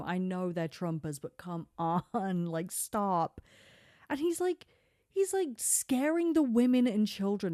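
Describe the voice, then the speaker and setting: A woman's voice: mid-range voice, dry recording. Chatty young woman podcaster, dry close sound. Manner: chatty and animated, heavy use of filler "like", quick asides and laughs. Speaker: podcast host. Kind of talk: casual solo podcast chat about reality TV.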